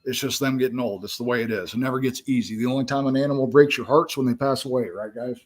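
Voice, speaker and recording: A man's voice: medium pitch, steady tone, fast talker. A middle-aged man hosting a casual livestream from his home kitchen, chatty and swearing, often talking to his chat. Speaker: livestream host.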